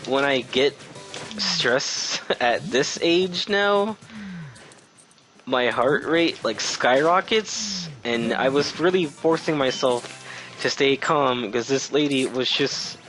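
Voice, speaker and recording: A man's voice: medium pitch, fairly bright tone, low-quality recording. A young man who works in retail, telling a casual storytime rant in an exasperated way and swearing freely. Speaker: retail worker.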